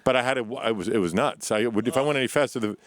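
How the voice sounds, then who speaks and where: A man's voice: medium pitch, very fast, no echo. A man guest telling rambling travel stories in casual chat, swearing casually.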